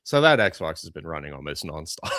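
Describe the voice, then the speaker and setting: With a deep voice and sharp tone, a young podcast co-host chats casually, drifting into rants and tangents in a rambling way. The sound is clean studio audio with no room sound.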